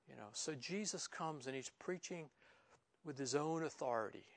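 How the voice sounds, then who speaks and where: A man's voice: expressive, normal speed, vocal fry. A man preaching a conversational Bible lesson, using informal "you know" asides and rising for emphasis. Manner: rises in pitch and volume for emphasis. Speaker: pastor. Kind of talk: conversational verse-by-verse Bible teaching.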